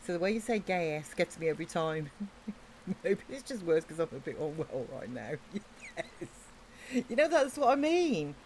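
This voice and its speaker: A woman's voice: fairly low pitch, sing-song, normal speed, a little mellow, slight background noise. An English woman with an English accent chatting casually and giggling as she livestreams a video game. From England. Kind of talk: casual let's-play chat.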